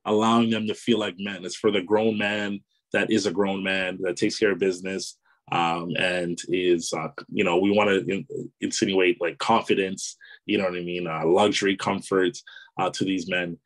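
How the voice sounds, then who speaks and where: A man's voice: low voice, level tone, normal speed, low-quality recording. A man being interviewed as an author and entrepreneur, talking casually in a loose, rambling way full of "you know" and easy laughter. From Canada. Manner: easygoing, rambling, many "you know" fillers, laughs easily.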